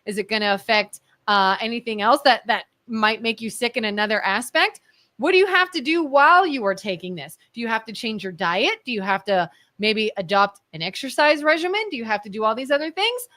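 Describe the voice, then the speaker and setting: Talk show cohost lady, bright voice, a bit high, emphatic, talks through examples. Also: expressive, a little fast. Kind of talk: casual talk show discussion.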